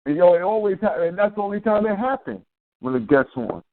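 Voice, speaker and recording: A man's voice: high voice, sing-song, brisk, dry recording. A man hosting a casual talk radio show, loose and slangy, repeating his phrases. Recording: tinny phone line.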